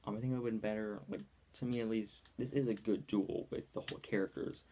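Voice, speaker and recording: A man's voice: fairly low pitch, fairly even intonation, quick pace, hardly any pauses, mellow, a little hiss or hum. A young man giving a casual movie review in a rambling style, full of ums and likes.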